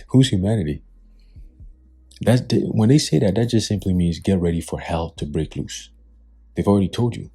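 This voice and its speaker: A man's voice: deep voice, moderate pace, pauses often, warm tone, husky. A man giving scornful, preachy commentary on the news and reading scripture, swearing freely. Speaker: religious commentator.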